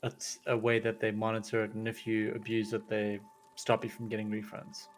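Man, podcast co-host, quick reactive interjections, everyday voice. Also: lowish voice, completely flat delivery, soft background music. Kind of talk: casual chat.

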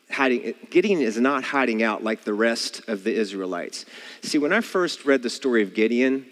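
A man's voice: mid-range voice, big-room sound. A man preaching a sermon, earnest and asking the listeners rhetorical questions.

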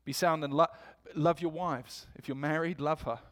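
Male preacher, slightly high voice, lively storytelling sermon. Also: moderate pace. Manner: storytelling, animated quotes. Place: church.

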